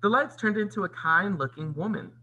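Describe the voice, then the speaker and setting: A man reading a storybook aloud like a teacher, pausing to explain the story. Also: high-pitched, muffled recording, slight background noise. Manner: expressive, teacherly. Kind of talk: read-aloud storybook narration with comments.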